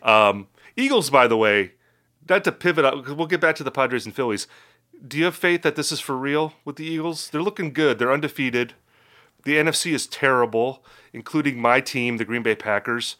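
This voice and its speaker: A man from the middle of the country hosting a sports podcast, ranting with mock outrage in an animated way. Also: medium pitch, moderate pace. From Wisconsin, middle of the country. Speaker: podcast host.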